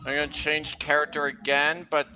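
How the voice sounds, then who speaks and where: Rambling bright-voiced male streamer. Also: a little high, monotone, a little hiss or hum. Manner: rambling, halting, corrects himself. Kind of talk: casual livestream chat. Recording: dull lo-fi audio.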